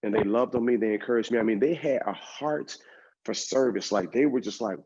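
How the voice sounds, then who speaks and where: A man giving a motivational keynote, telling an animated personal story and talking straight to the audience in a conversational way. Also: on the low side, brisk, husky. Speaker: motivational speaker. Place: event stage. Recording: dull lo-fi recording.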